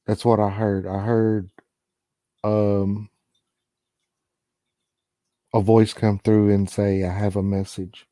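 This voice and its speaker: A man's voice: lowish voice, little pitch movement, takes it slowly, long pauses, dark tone, no room sound, clean studio sound. A man from Chicago hosting a paranormal livestream, chatting casually and laid-back with viewers and calling on spirits. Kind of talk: casual live chat.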